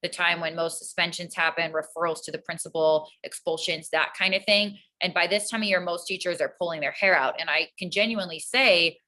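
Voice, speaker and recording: A woman teacher with an earnest, calm manner, explaining her classroom routines in a casual interview. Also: fairly low pitch, brisk, few pauses, rough recording. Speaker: teacher, guest.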